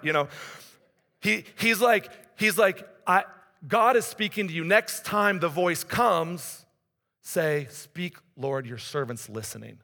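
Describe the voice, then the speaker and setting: A man with a high, bright voice preaches conversationally, building up and then dropping to a hush. His voice carries a long reverb through a church hall. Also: lively intonation, unhurried, creaky. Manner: conversational preaching, rises and drops in intensity. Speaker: pastor. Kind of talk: sermon.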